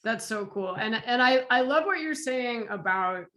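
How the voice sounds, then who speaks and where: A woman's voice: on the high side, animated, normal speed, fairly bright tone. Encouraging woman interviewer. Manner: encouraging, frequent affirming murmurs. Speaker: interviewer, host. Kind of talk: casual interview chat.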